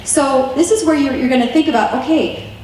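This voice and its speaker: A woman with a slightly high voice gives an earnest, chatty teaching talk, now and then acting out a line of dialogue. She is heard from a distance in a strongly echoing meeting room with a faint hum of ambience. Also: fairly quick, darkish tone. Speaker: speaker teaching wives. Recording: very echoey room from far off.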